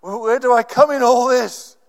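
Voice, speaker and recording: A man's voice: very high voice, measured pace, vocal fry, voice pushed up, full character voice. A man preaching voices the apostle Peter as bewildered and deflated, asking plaintive questions. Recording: long hall reverb.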